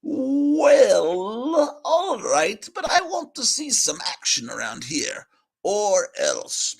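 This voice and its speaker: A man voicing a gruff, impatient middle-aged male boss who scolds loudly in a comic-book reading. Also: high-pitched, wildly swooping pitch, extremely slow, voice pushed up, heavily acted. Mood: scolding. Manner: loud and scolding.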